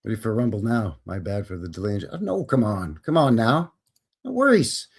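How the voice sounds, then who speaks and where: A man's voice: fairly low pitch, big pitch swings, normal speed, husky. A Canadian man hosting a live stream in a folksy, jokey, casual way. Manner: folksy, jokey, greets viewers by name. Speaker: host.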